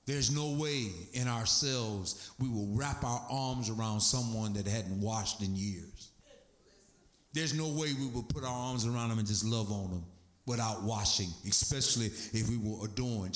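A man's voice: fairly low pitch, measured pace, fairly bright tone. A man preaching a sermon as pastor, emphatic, with sweeping swings in his delivery. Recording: echoey room.

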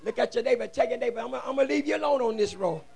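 A man preaching a shouted revival sermon in a church, fervently chanting and exhorting the congregation in call-and-response. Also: very high-pitched, very fast. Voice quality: gravelly, husky. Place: church sanctuary.

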